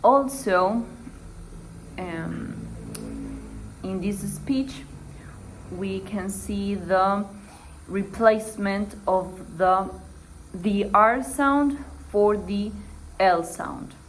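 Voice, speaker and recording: A woman's voice: mid-range voice, drawn-out words, long pauses, a little hiss or hum, rough recording. A young woman student giving a class presentation for an assignment, hesitant and dotted with "eh" fillers.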